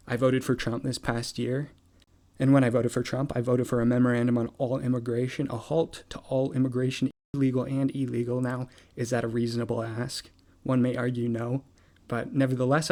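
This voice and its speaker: A man delivering scripted political commentary in a measured, wry way, posing rhetorical questions one after another. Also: mid-range voice, a little mellow.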